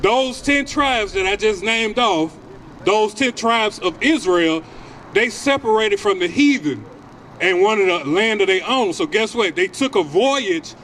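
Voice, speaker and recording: Male street preacher who keeps cutting in to explain each verse; pitched high, light traffic hum. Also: animated, unhurried, fairly bright tone. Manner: insistent, repeatedly calls for the next verse to be read.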